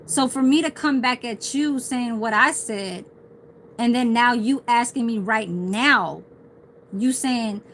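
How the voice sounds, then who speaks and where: A woman's voice: on the high side, slow, a bit bright, slight background noise, rough recording. Rambling foul-mouthed woman livestreaming. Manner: heavy swearing, rambling storytelling. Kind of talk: casual livestream rant.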